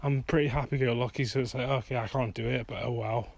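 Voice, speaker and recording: Speaking fast in a gravelly, darkish mid-range voice with fairly even intonation, a man strolls outdoors at night. He's a vlogger and songwriter, rambling casually and cursing more as he gets worked up.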